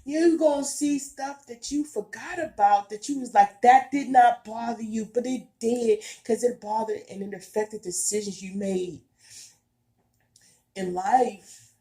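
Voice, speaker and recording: A woman's voice: on the high side, steady tone, measured pace, mellow. A woman giving a heartfelt spiritual monologue to her viewers, earnest and emphatic, repeating herself in casual everyday speech. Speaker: spiritual vlogger.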